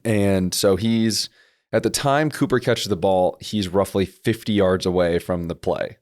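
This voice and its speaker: A man's voice: sits low, unhurried, a little mellow. A young man co-hosting a casual sports podcast, patiently explaining football plays and rules. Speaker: podcast co-host.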